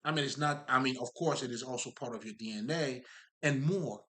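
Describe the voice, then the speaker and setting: A man's voice: mid-range voice, fairly quick, fairly bright tone. A man giving a casual spiritual monologue, emphatic and profane, rambling with many fillers and asides to his listeners. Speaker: spiritual talker.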